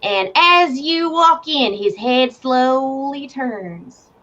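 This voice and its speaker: A woman's voice: high-pitched, animated, very slow, sharp tone, heavily acted. A woman voicing an exasperated man running a tabletop game in a tavern, on a dull lo-fi recording with faint hiss. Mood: storytelling. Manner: exasperated, bossy.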